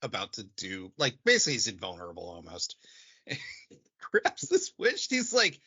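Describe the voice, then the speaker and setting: A man with a husky, bright voice swings his pitch widely as he talks, laughing through his sentences. The recording sounds a bit dull and lo-fi. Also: brisk. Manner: lively, laughs mid-sentence. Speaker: podcast co-host. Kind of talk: casual chat.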